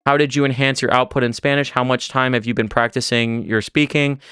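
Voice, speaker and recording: A man's voice: medium pitch, fairly even intonation, fairly quick, fairly bright tone, smooth, dry recording, studio quality. A man teaching Spanish on a livestream, chatty and loose, with many restarts and fillers. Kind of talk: casual livestream lesson.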